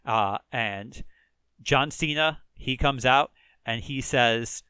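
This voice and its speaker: A man's voice: medium pitch, slow pace, bright, forceful tone, smooth, no echo. A man with a Chicago accent casually recapping a wrestling video game as a let's play host, rambling with lots of fillers and chuckles.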